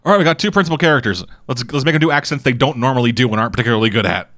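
A man chats loosely about a TV show, cursing freely as he wanders through tangents. His voice sits at a middle pitch and is recorded dry, with no room sound. He comes across as a podcast co-host mid-recap. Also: rapid-fire, fairly bright tone, dry recording. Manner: profane, rambling storyteller. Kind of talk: casual chat recapping a TV show.

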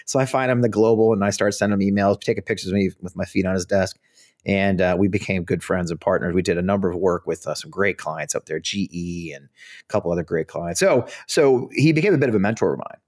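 A middle-aged man from the United States tells his stories at a quick clip, blunt and salted with swearing. His voice sits on the low side. He talks like a podcast guest spinning a yarn. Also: a little mellow. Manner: fast, blunt anecdotes with swearing and laughter. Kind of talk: storytelling in a podcast interview.

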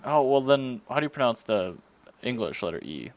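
A man co-hosting a casual car podcast, dry and teasing, firing off quick quips. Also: medium pitch, big pitch swings. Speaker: podcast co-host.

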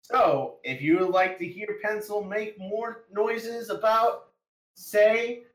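A podcast host in casual chat who reads questions and cracks deadpan jokes. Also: medium pitch, takes it slowly. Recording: echoey room.

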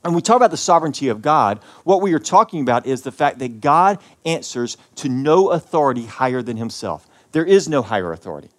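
A man, a pastor, preaching a sermon and telling a personal story in an earnest, emotional way, with many pauses and repeated words. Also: mid-range voice, big pitch swings.

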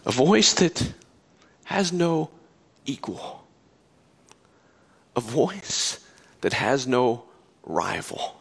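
A middle-aged pastor preaching a sermon, moving from quiet storytelling to impassioned, soaring appeals and then to soft, hushed reassurance. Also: male voice, mid-range voice, big pitch swings, very slow, creaky, long pauses, husky.

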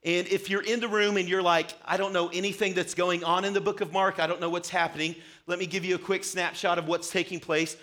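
A man's voice: sits high, brisk, few pauses. A young man preaching a sermon to a church congregation, telling stories with animation. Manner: animated storytelling, acts out his childhood self. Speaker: pastor. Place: church sanctuary.

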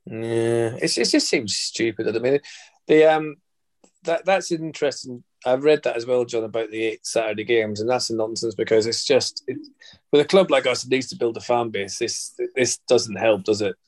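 A man's voice: medium pitch, moderate pace. A man with a Belfast accent hosting a casual football podcast, chatty and rambling, cracking jokes. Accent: Northern Irish, Belfast. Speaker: podcast host.

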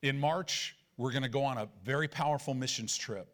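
A man in his forties, a pastor, preaching with animated personal stories and rhetorical questions. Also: medium pitch, fairly quick.

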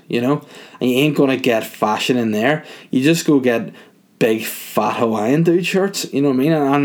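A man's voice: medium pitch, a little mellow. A middle-aged man, hosting a podcast in a crude, rambling, self-mocking comic monologue. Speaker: podcast host. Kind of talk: casual comedic monologue.

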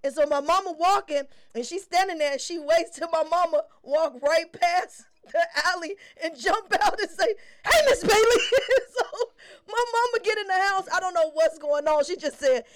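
A woman's voice: very high voice, moderate pace. A woman from Chicago co-hosting a casual podcast, telling prank stories with lots of laughter. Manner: laughing, animated storytelling. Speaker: podcast co-host. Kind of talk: casual storytelling chat.

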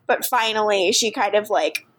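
A woman's voice: mid-range voice, normal speed, fairly bright tone, poor audio. A woman co-hosting a podcast, recapping a TV episode in casual, giggly chat. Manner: giggly, chatty, recaps scenes with acted quotes. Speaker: podcast co-host.

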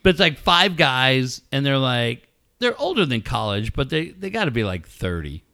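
A middle-aged man co-hosting a radio show, telling excitable stories in casual banter, swearing freely and acting out yelling. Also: medium pitch, moderate pace, no room sound, clean studio sound. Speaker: radio co-host.

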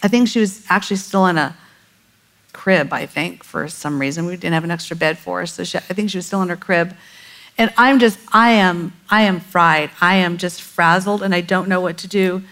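A middle-aged woman telling a parenting story in casual chat, animated and laughing often as she acts out quotes. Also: fairly low pitch, moderate pace, low-quality recording.

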